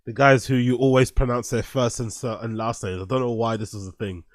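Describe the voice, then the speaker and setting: A man's voice: medium pitch, steady tone, a little fast, no echo, clean studio sound. A man with a London accent hosting a show, reacting to a clip with loose, laughing commentary, heavy slang and swearing. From England. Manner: laughs a lot, swears freely, street slang. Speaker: show host. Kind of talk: casual commentary over a clip.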